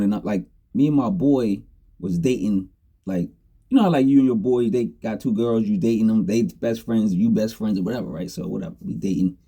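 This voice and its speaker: A man's voice: fairly low pitch, mellow, husky. A middle-aged man casually telling a story from his younger days, laid-back and slangy, laughing often. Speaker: storyteller host.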